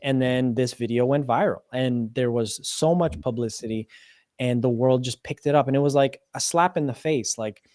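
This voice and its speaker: A male host talks with animated energy, and his words often tumble over each other as he restarts sentences. His voice sits at a middle pitch, and the recording is dry and close with almost no room sound. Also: dry recording. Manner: animated, quick, stumbles and restarts. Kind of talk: conversational interview.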